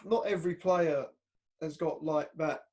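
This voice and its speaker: English host, slightly high voice, loose and halting delivery. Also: male voice. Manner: relaxed, hesitant, lots of "like". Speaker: podcast host. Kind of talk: casual chat.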